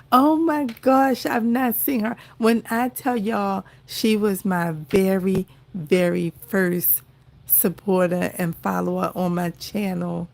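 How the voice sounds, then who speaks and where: A woman hosting a crafting livestream, gushing and teary as she talks warmly to her viewers, repeating exclamations and calling them y'all. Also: mid-range voice, gravelly. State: teary, near crying. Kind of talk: emotional casual livestream chat. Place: indoors at home.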